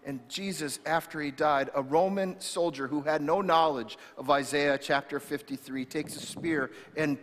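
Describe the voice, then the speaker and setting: A man's voice: mid-range voice, a bit bright. A male pastor preaching an impassioned sermon, often restarting with repeated words. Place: church sanctuary. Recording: reverberant church hall.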